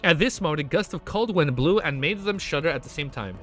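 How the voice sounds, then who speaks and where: A man's voice: on the high side, expressive, fairly quick, fairly bright tone, soft background music. A man reading a web novel aloud for his stream, breaking off now and then into emotional reactions. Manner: reads narration, breaks off into emotional reactions and swearing. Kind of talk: casual reading with excited reactions.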